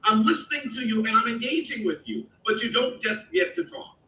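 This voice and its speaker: A man's voice: very high voice, a little fast, bright, forceful tone. A man hosting a heated live debate, insistent and cutting in to demand evidence, heard as distant, echoey call audio. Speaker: host of a debate show.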